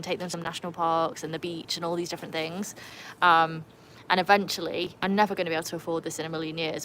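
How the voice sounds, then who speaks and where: A woman's voice: fairly low pitch, slight background noise, rough recording. Chatty British woman hosting a livestream. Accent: mixed Birmingham and North Wales English. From England and North Wales. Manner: chatty, greets viewers by name with bursts of excitement. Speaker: livestream host. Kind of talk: casual livestream chat with viewers. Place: home with a pool.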